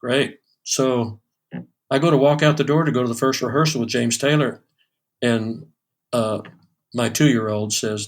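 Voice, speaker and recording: A man's voice: medium pitch, steady tone, measured pace. A man in his sixties, a session drummer, telling stories in an interview with many fillers and restarts. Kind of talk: storytelling in a podcast interview.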